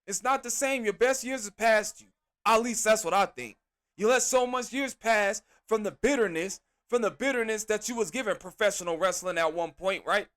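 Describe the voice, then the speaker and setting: A man hosting a podcast, reviewing a wrestling show in an animated, exasperated rant full of slang. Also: high-pitched, normal speed. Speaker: podcast host.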